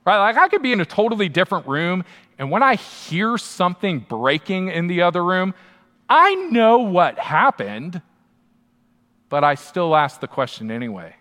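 A fairly high-voiced man preaching a sermon in an easy, conversational manner, pressing his points with emphasis and quick asides to the room. His voice carries a long reverb, as if filling a large hall. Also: sing-song, bright, forceful tone. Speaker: pastor.

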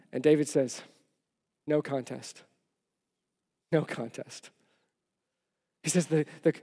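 A man preaching a sermon as pastor, a father of four who tells stories animatedly, dropping to a hush and rising to loud. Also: high-pitched. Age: young adult to middle-aged, father of four. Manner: animated storytelling, swinging from loud to hushed. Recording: long reverb of a large hall.

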